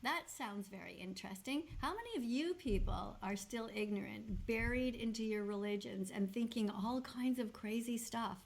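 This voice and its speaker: A woman's voice: fairly high pitch, normal speed, gravelly, hardly any pauses. A woman in a played video clip, mockingly asking her viewers a string of rhetorical questions. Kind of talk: provocative vlog monologue.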